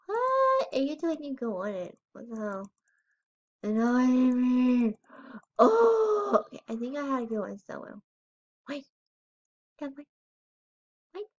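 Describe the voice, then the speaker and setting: Slow, rambling girl's game commentary. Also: a little high, mellow, dull audio. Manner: rambling and unsure, with frequent "I don't know" and squealing over cute items. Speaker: gamer showing her game house. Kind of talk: casual gameplay commentary.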